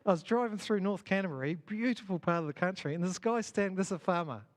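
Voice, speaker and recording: A man speaks to a church gathering, his voice sitting a little higher than most men's. He talks loosely and conversationally, tosses questions to the crowd and laughs at his own failings. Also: quick pace. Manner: conversational, self-deprecating, asks the audience questions. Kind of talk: conference talk to an audience. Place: church hall.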